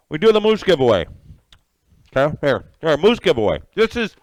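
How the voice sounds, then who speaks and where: A man's voice: a little high, wildly swooping pitch, normal speed, no echo. A middle-aged man hosting a live cooking stream from his home kitchen, eating as he talks and greeting viewers by name. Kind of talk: casual live-stream chat while eating.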